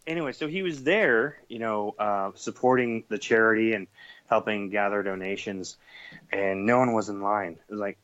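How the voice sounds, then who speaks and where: A man's voice: on the low side, moderate pace, a bit bright, dry recording. Chatty man with lots of "uh"s. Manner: chatty, with many fillers and laughs. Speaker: podcast guest. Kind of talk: casual chat. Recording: dull lo-fi sound.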